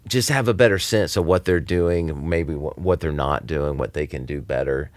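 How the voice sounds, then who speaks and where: A man's voice: very deep voice, moderate pace, darkish tone, no echo. A man, a recording engineer and producer, talking loosely in a casual podcast interview, with lots of fillers and restarts.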